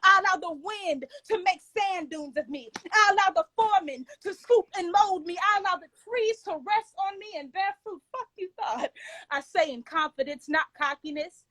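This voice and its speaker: Woman, spoken word poet, Southern American accent, high voice, dry close sound. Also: moderate pace, bright, forceful tone, dry recording, low-quality recording. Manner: rhythmic, declamatory, intense.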